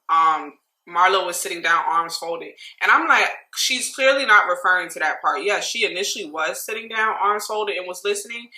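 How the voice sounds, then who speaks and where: A young woman recapping a reality show in casual, slangy chat, animated and laughing often. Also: mid-range voice. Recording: roomy echo.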